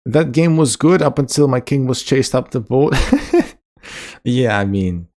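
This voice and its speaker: A man's voice: mid-range voice, expressive, a little slow, a little mellow. A man casually chatting on a live stream, reading viewer comments aloud, joking and laughing often. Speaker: chess streamer.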